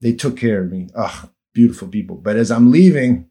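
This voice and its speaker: Guy hosting a chill chat, rambles through stories, gets quiet and emotional sometimes. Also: mid-range voice, animated, brisk. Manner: storytelling, drifting into soft emotional asides. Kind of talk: casual conversation.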